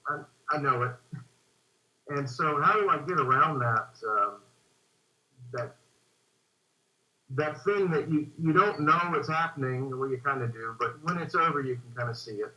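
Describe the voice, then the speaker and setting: A man's voice: medium pitch, moderate pace, pauses often, pushed and bright. A man calling in to ask a question, speaking hesitantly with many fillers. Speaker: caller. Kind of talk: call-in question. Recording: dull lo-fi call line.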